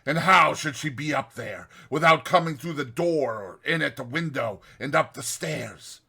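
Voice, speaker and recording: A man voicing a scornful, cowardly male schemer who scolds with slow contempt. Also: a little high, vocal fry, bright, forceful tone, breathy edge, full character voice.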